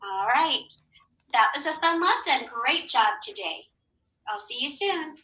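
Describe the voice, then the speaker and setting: A woman teacher giving a recorded phonics lesson for children, encouraging and spelling words slowly letter by letter. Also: high-pitched, expressive, sharp tone, low-quality recording.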